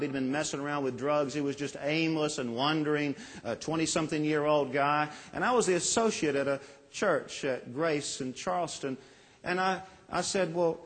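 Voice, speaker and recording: A man preaching a sermon as pastor, earnest, with dramatic pauses and voiced quotes. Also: a little high, long reverb tail.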